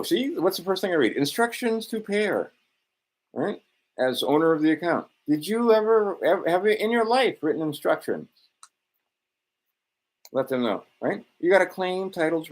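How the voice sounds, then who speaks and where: A man in a rambling, self-assured monologue, swearing often and drifting between points. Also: on the high side. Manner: profane, digressive, self-assured.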